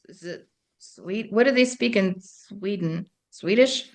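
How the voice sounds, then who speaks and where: A woman who is a guest on a podcast quiz. She hesitates and talks herself through each guess at an ordinary, mid pitch. Her delivery stays casual and unhurried. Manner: hesitant, thinks out loud.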